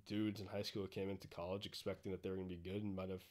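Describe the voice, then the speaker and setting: A man's voice: sits low, flat delivery, darkish tone. A young man, a former college ballplayer, talking casually as a podcast guest with lots of fillers. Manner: fast, filler-heavy, says like constantly. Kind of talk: casual chat.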